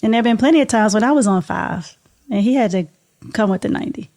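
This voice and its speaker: A woman's voice: on the high side, quick pace, dark tone. A middle-aged woman, a podcast co-host, telling a personal story in an interview in an earnest, heartfelt, reflective way.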